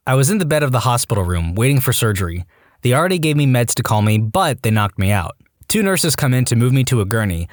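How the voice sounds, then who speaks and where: A man reading online stories aloud as a scripted narration, animated and given to comic rants. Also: mid-range voice, no echo, clean studio sound. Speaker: story narrator.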